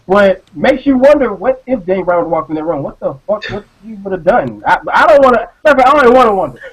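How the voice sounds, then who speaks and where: A man co-hosting an online live show, ranting in a casual, profane, animated way and often repeating words as he talks. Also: high-pitched, fast, breathy edge, rough recording. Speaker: podcast co-host.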